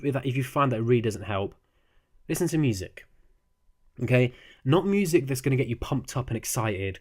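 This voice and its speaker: A young man, a university student, giving casual spoken advice into a desk microphone, earnest, restarting his sentences and checking in with "okay?". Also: mid-range voice. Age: young adult. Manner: earnest, repeats "okay?" often, frequent restarts.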